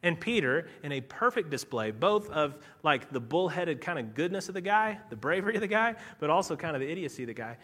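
A male pastor preaching a sermon and leading prayer, swinging between loud urgency and hushed softness. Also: on the high side, sing-song, brisk, few pauses, slightly rough. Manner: leads prayer.

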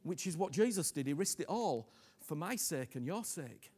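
Man, middle-aged preacher, fairly high voice, hushed then booming, repetitive pleading sermon. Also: sing-song, normal speed, husky. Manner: swings from hushed whispers to loud impassioned pleading; repeats himself, asks "you understand me?" often.

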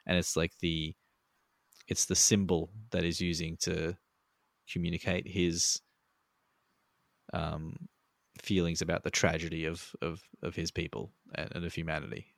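Over a remote call, a man co-hosts a casual podcast, rambling in a laid-back way and swearing freely. His low voice stays level at a measured pace with vocal fry, and the recording is dry.

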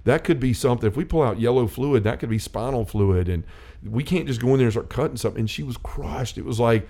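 A man's voice: mid-range voice, lively intonation, quick pace, dark tone. A middle-aged man hosting a faith-based chat, telling a personal story in an earnest, rambling way. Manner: earnest storytelling, many restarts and quoted dialogue.

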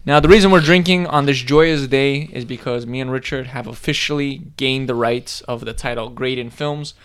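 A man's voice: mid-range voice, normal speed, fairly bright tone, smooth. A man co-hosting a podcast, joking and swearing in casual chat. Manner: joking, profane, wisecracking. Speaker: podcast co-host.

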